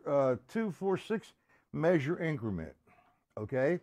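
A man giving a casual live-stream drum lesson, chatting with viewers by name and counting beats out loud. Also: on the high side, animated, moderate pace, pauses often, loud music behind the voice. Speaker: drum teacher.

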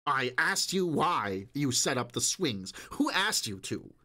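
A nagging, irritated building superintendent, put on by a male narrator. He talks in a raised, higher-pitched voice, pressing every question like an order. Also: big pitch swings, normal speed, pushed and bright, breathy edge, full character voice. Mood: scolding. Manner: bossy, scolding, demanding.

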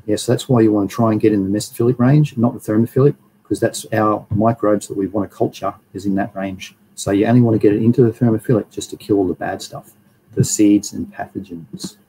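A man's voice: fairly low pitch, fairly even intonation, fast, dark tone, a little hiss or hum, rough recording. A man hosting a live stream, reading through slides in a rambling, casual way and greeting viewers in the chat. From Australia.

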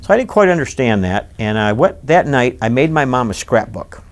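A man in his sixties from Michigan, recalling his childhood in an oral history interview with animated, emphatic storytelling. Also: medium pitch, moderate pace. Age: 60s.

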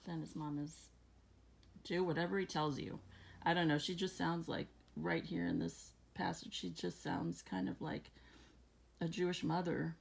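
Low husky woman reading the bible at home, gravelly, lots of ums and little laughs. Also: little pitch movement. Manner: reads scripture slowly, then muses with fillers and soft laughs. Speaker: Bible reading channel host. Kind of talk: casual Bible reading and reflection.

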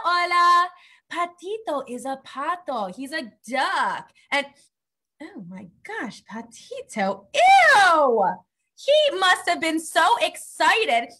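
A woman's voice: sits high, pushed and bright. A woman teaching a playful lesson for kids on a livestream, exclaiming and coaxing the children along.

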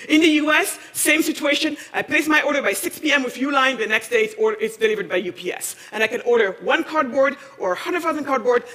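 A woman from Senegal giving a passionate conference talk, firing off challenging questions and rising to near-shouting. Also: fairly high pitch. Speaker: speaker at a conference. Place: large conference hall. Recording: long reverb of a large hall.

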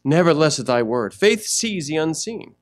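A man pastor preaching a sermon in a church, animated, acting out little scenes as he goes. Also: on the high side, normal speed. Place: church sanctuary.

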